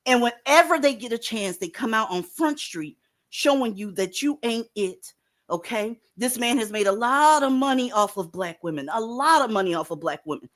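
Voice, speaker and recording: A woman's voice: fairly high pitch, lively intonation, normal speed, fairly bright tone. A woman hosting a casual commentary show, blunt and profane, lecturing viewers directly. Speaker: commentary host.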